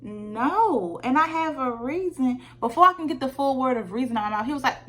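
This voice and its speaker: A woman vlogger telling a dating story in a candid, animated way, with lots of fillers. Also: high voice, normal speed, hardly any pauses. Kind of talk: casual storytime vlog. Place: Georgia.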